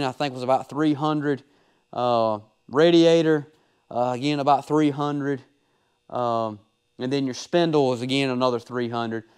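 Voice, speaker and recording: A man's voice: a little high, a little mellow, clean tone. A man, a race car driver giving laid-back, folksy voice-over commentary on his own race footage.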